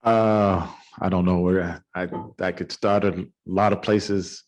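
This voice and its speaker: A man's voice: low voice, fairly even intonation, a little slow, a little mellow. A middle-aged man, a city council member, telling a folksy, informal story at a council meeting. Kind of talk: anecdotal storytelling at a public meeting.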